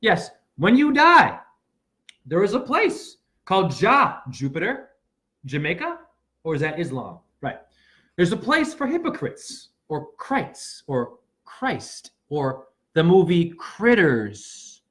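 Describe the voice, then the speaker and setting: Speaking slowly in a high voice whose pitch swoops wildly, a man who calls himself a spiritual teacher rambles through a livestream monologue. He shifts from shouts to mutters, preaching and playing loosely with words.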